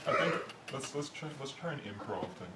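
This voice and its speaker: A man's voice: mid-range voice, animated, brisk. A man co-hosting a podcast, talking casually with friends in a shy, self-conscious way. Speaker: podcast co-host. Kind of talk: casual chat among friends. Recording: echoey room with loud noise.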